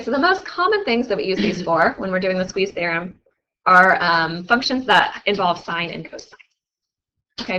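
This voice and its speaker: A woman's voice: mid-range voice, sharp tone, a little hiss or hum, rough recording. A young woman teaching a math class, chatty and often asking her students questions. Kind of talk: classroom lecture.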